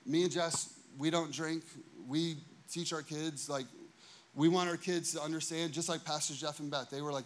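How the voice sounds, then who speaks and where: A man in his thirties, a pastor preaching a sermon, telling a story with lively asides and acted-out quotes. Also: fairly high pitch, normal speed. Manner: animated, acts out quotes, many "you know what I mean" asides.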